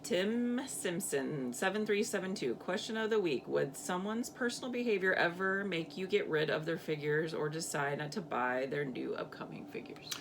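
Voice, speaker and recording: Woman, co-host, casual chat, dry short replies, gravelly voice, lively pitch. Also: moderate pace, hardly any pauses, a little hiss or hum.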